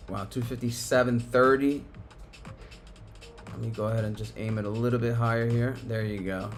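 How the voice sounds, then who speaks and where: A man hosting a live stock market stream, talking excitably and with plenty of profanity, swinging between cheering and panic as prices move. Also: mid-range voice, moderate pace, faint music behind. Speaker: stock market livestream host.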